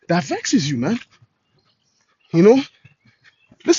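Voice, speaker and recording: A man's voice: very high-pitched, huge pitch swings, normal speed, pauses often, darkish tone, slightly rough, dry recording. A man preaching in a casual street style, slangy and full of "man" and "you know". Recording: dull lo-fi recording.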